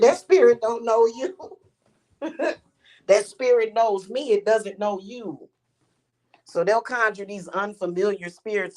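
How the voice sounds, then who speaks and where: A woman, a witch and spiritual teacher, ranting casually and bluntly with plenty of cursing and laughter. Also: medium pitch. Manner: profane, laughing often, blunt. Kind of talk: casual vlog rant.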